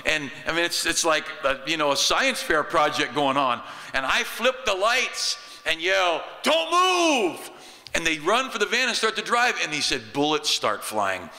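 A middle-aged man, a pastor, preaching a sermon in a church, shifting between loud exclamations and quiet asides. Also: a little high, lively intonation, normal speed. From United States. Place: church sanctuary. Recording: church hall reverb.

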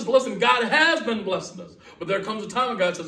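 A man's voice: high voice, fast, bright, forceful tone. A man preaching a sermon as guest pastor, emphatic and folksy, repeating his key lines for weight. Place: church sanctuary. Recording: echoey church from far off.

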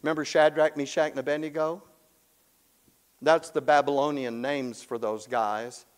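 A man teaching the Bible in an animated storytelling way, acting out the characters and chuckling often. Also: on the high side, normal speed, clear, resonant tone, long reverb tail, poor audio.

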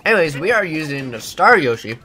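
A man hosting a video game let's play, talking to the game with sudden loud outbursts. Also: a little high, very animated, brisk. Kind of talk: gameplay commentary. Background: game music.

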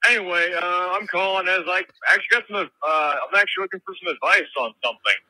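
Rambling truck driver doing a put-on accent. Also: male voice, sits high, fast talker, sharp tone, no room sound, poor audio. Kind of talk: voicemail message. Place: truck cab while driving.

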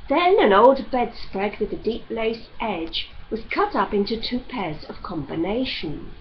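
A woman reading a novel aloud as narrator in measured storytelling, on a slightly dull recording with faint hiss. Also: mid-range voice. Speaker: audiobook reader.

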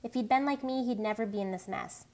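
A woman's voice: fairly high pitch, quick pace, a little mellow, close to an everyday voice. A woman reading a tough, reckless teenage greaser boy aloud, blunt and streetwise.

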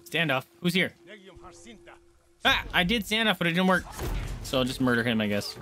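A man streaming a game live, chatting casually with viewers and reacting out loud. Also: on the high side, sing-song, moderate pace, faint music behind. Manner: chatty, greets chat, squeals when startled.

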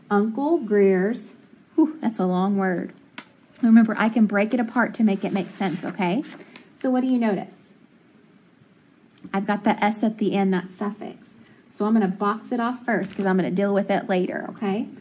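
A woman's voice: a little high, a little mellow, rough recording. A woman teaching an online phonics lesson, patient and encouraging, often checking in with the class.

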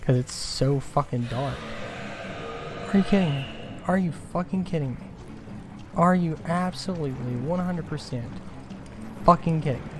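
A man's voice: fairly high pitch, normal speed, long pauses, over music. A man playing a horror video game and commenting, growing exasperated and swearing over and over at how confusing it is. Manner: exasperated, swearing, rhetorical complaints. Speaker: gaming video host. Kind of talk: frustrated let's play commentary.

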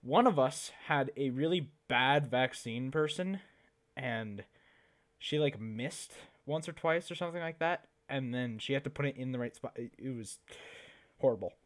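A man's voice: medium pitch, moderate pace. A teenage boy doing casual reaction commentary, rambling and chatty, laughing at his own jokes. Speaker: YouTuber reacting to videos.

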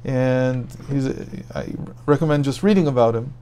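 A man's voice: mid-range voice, normal speed, mellow, clear, resonant tone. A man telling a story in a daily Torah lesson, thinking aloud and restarting his phrases as he goes. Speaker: Torah teacher.

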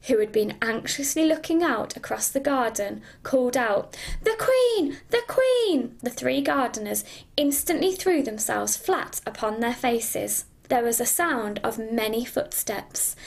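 A woman's voice: fairly high pitch, measured pace, vocal fry. A middle-aged woman, a primary school teacher, reading a storybook aloud expressively. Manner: expressive, does character voices.

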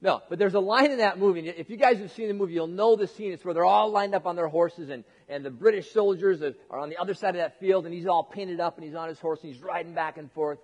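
A man's voice: sits high, fast, few pauses, in a large hall. A male pastor preaching a casual, joking sermon, talking conversationally with frequent restarts.

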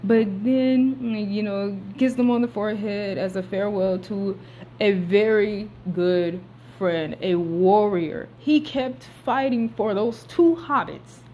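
A young woman, casually recapping a movie in slangy talk that swings between hushed asides and loud outbursts. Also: mid-range voice, takes it slowly.

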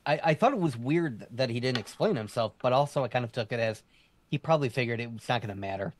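A man's voice: medium pitch, lively intonation, fast talker, a little hiss or hum. A man co-hosting a casual podcast chat, explaining things at length with plenty of fillers. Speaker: podcast co-host.

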